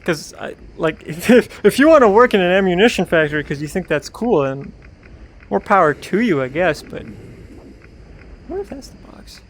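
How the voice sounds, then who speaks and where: High-voiced streamer rambling. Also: male voice, lively intonation, normal speed, slight background noise. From Canada. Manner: rambling, talks to himself and chat, mutters under his breath. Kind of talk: casual gameplay commentary.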